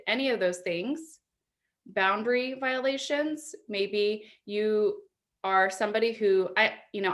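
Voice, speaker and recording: A woman in her thirties gives a conference talk in a relaxed, conversational way. She keeps asking her listeners reflective questions and laughs easily as she goes. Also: mid-range voice. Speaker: conference speaker. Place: apartment.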